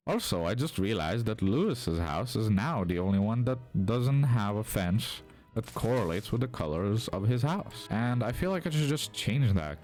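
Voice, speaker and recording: A man talks through his building session in a relaxed, rambling way, joking and answering his own questions. His voice sits a bit low. Quiet music plays faintly behind him. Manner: rambling, self-amused, talks to himself. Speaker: video creator building in a game. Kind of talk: casual gameplay commentary.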